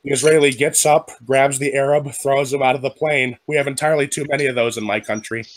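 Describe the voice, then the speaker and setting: Guy on a late-night group call, steady storyteller, dry close sound. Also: mid-range voice, dry recording. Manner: smooth storyteller, quick voice changes for quoted characters. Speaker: podcast regular telling jokes. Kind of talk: casual group chat, telling jokes.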